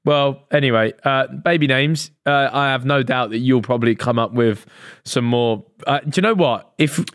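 A man's voice: medium pitch, normal speed, a bit bright, no echo, clean studio sound. A man in his late twenties with an Essex accent, co-hosting a casual podcast, teasing and swearing freely. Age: 20s. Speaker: podcast co-host. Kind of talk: casual chat.

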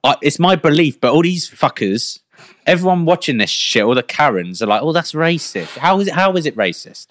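A man's voice: fairly high pitch, brisk, no room sound. A young man co-hosting a podcast, rambling through ideas in casual, sweary chat. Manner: rambling, animated, swears freely. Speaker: podcast co-host.

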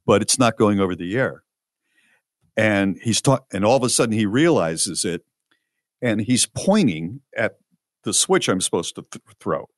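Older male podcast co-host, low voice that swings a lot, chatty storyteller with plenty of ums. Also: measured pace, dry recording, studio quality. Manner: animated storyteller, many fillers and restarts. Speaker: co-host, former radio disc jockey. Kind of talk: casual storytelling chat.

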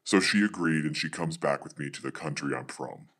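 Male pastor, low register, brisk storytelling testimony. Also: fairly bright tone. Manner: fast narrative storytelling.

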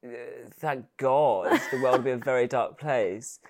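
A man's voice: medium pitch, unhurried. A man in his thirties from England, a podcast guest in casual chat, camp and teasing with dry wit. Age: 30s.

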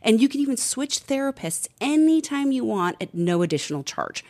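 A woman hosting a podcast, reading an ad and scripted narration in a smooth, deliberate way. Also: a little high, very animated, darkish tone.

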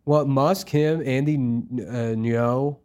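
Male podcast co-host, casual crude riffing, mid-pitched, drops into mocking impressions. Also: steady tone, takes it slowly, a little mellow. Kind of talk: casual comedy chat.

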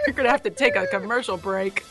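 A woman's voice: medium pitch, fast. A woman chiming into a morning radio show through headphones, teasing her husband with laughing remarks. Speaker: host's wife, calling in on headphones. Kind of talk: casual radio banter.

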